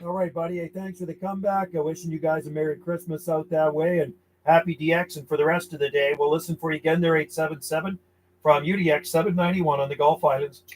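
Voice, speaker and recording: A man's voice: fairly high pitch, steady tone, fast. A man working as a CB radio operator, calling out call signs and answering distant contacts with clipped calls and friendly sign-offs from a home station. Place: home radio station on an island off western Canada. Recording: loud radio static behind the voice.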